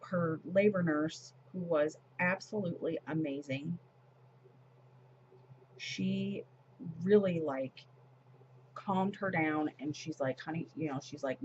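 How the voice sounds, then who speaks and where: A woman's voice: low voice, slow pace, pauses often, darkish tone, highs cut off, a little hiss or hum. A woman in her forties chatting casually as she decorates her planner, retelling a story with lots of fillers and restarts. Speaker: planner vlogger.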